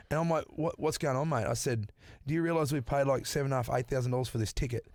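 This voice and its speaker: Australian bloke, profane animated yarn-spinner, podcast guest. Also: male voice, mid-range voice, quick pace, no room sound, studio quality. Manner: swears freely, animated yarn-telling. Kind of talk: casual storytelling.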